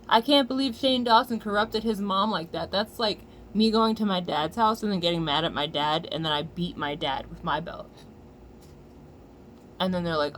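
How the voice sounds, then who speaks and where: An American woman rants into the camera in a heated, foul-mouthed commentary, her voice jumping into loud outbursts. Her pitch sits in an ordinary middle range, and a faint hiss of noise runs underneath. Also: a little fast. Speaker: vlogger. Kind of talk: angry commentary rant.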